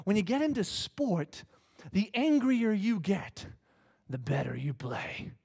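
A middle-aged man preaching a sermon, telling a story with swings from hushed lines to shouts. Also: high-pitched, very animated, takes it slowly, gravelly, slightly rough. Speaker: pastor. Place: church hall with congregation.

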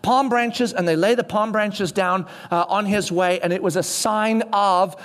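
A man preaching a sermon, telling the story in an animated way and acting out voices of the people in it. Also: high voice, measured pace. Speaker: pastor.

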